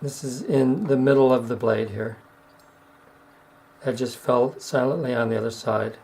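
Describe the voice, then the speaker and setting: Slow-talking man explaining a craft demo. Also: medium pitch, gravelly, a little mellow, low-quality recording. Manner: unhurried, explains step by step with fillers. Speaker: razor honing demonstrator. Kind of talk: casual how-to narration.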